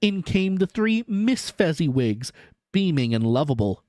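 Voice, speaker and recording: Lively man reading a story aloud. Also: fairly high pitch, a little slow, no echo, clean studio sound.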